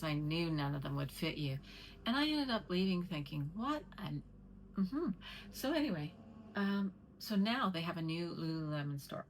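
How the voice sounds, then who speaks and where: A woman's voice: mid-range voice, a bit bright, slight background noise, rough recording. A middle-aged woman chatting casually to camera at home, rambling and talking to her cat between stories. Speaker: vlogger.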